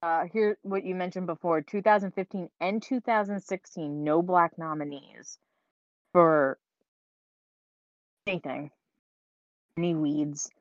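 Low-voiced woman chatting bluntly. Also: fairly even intonation, a little slow, long pauses, dry recording. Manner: blunt, laughs often, swears casually. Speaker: podcast co-host. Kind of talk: casual chat. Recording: dull lo-fi recording.

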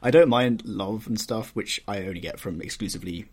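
A man's voice: lowish voice, fairly quick, a little hiss or hum. A man chatting casually with friends on a podcast, wry and self-deprecating. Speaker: podcast co-host. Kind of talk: casual chat.

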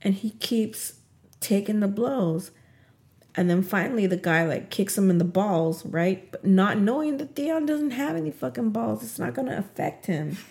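A woman casually recapping a TV episode, retelling scenes in an animated way and acting out what the characters say. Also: medium pitch, normal speed, vocal fry. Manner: animated retelling, acts out quotes.

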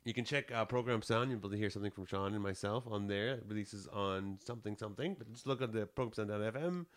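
A man co-hosting a comedy podcast, chatting casually, chiming in with jokes and rattling off show plugs. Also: lowish voice. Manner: joking interjections, quick promo patter.

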